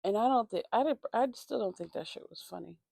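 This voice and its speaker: Woman vlogger, very fry-heavy low voice, profane heated storyteller, dry phone sound. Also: animated, fast, dark tone, dry recording. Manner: profane, heated venting with constant fillers. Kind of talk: casual storytime. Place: indoors at home getting ready.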